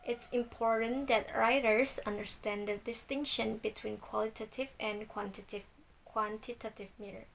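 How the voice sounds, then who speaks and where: A woman's voice: a little high, steady tone, normal speed, creaky, slight background noise, low-quality recording. A young woman, a student, reading her part of a class presentation and reciting lists of examples. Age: young adult.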